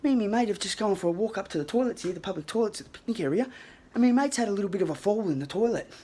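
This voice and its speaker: A man voicing a polite, frail elderly man from a nursing home who stammers softly. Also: high-pitched, expressive, rapid-fire, husky, voice pushed up. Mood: polite, flustered.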